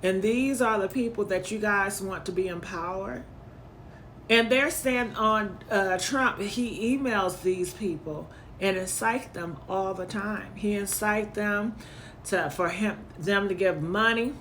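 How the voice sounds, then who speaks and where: Woman commentary host, slow and bright-toned, emphatic and indignant. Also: mid-range voice, slight background noise. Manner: indignant, emphatic, repeats points. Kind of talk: reaction commentary.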